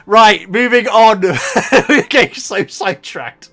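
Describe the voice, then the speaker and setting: A man talks through a book in a loose, rambling way, laughing as he goes. His voice is bright and lifts and drops all over the place, and soft music plays underneath. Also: sits high, sing-song, slow, few pauses. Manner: rambling, enthusiastic, laughs often. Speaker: YouTube reactor. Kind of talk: casual chat, book review.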